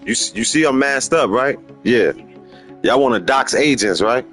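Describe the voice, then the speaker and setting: A middle-aged man talks through a gaming livestream in loose street slang, drifting from point to point and circling back to repeat himself. His pitch sits in a plain middle range, but it jumps high when he mimics other people. Faint game music runs underneath him. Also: moderate pace. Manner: rambling and opinionated, slips into animated high-pitched quoting of others. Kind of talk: casual livestream commentary.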